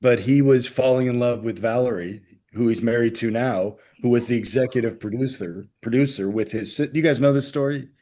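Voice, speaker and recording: A man's voice: mid-range voice, a little fast, few pauses. Playful man telling stories on a podcast. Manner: animated, playful storyteller. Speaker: podcast co-host. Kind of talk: casual podcast chat.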